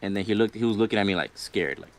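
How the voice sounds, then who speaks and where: A man's voice: fairly low pitch, quick pace. A young man casually telling a personal ghost story on a livestream, rambling, swearing freely and laughing between lines. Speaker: guest storyteller.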